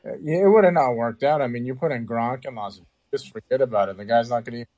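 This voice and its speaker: A man co-hosting a casual sports chat, speaking in a calm, matter-of-fact way. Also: medium pitch, fast talker, no echo.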